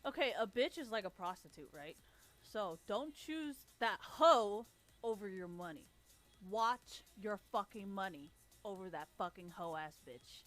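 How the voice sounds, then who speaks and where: A woman's voice: medium pitch, fairly bright tone. Young woman streamer, mid-range voice, blunt casual swearing rant. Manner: blunt, heavy swearing, laughs often.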